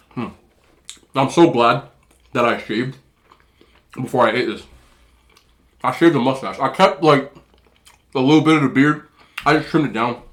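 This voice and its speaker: In a casual mukbang, a food vlogger eats on camera and keeps up a rambling, chatty patter between bites. He speaks in a mid-range, slightly nasal voice that's a bit bright.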